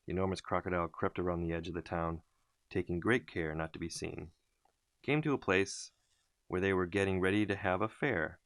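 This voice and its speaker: A man reading a children's story aloud in an expressive, unhurried way. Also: low voice, no echo, clean studio sound. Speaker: storybook reader.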